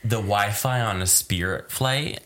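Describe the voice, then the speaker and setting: A young man co-hosting a casual podcast, talking in a vocal fry and swearing freely while distracted by his phone. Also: fairly low pitch, unhurried, fairly bright tone. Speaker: podcast co-host. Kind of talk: casual chat.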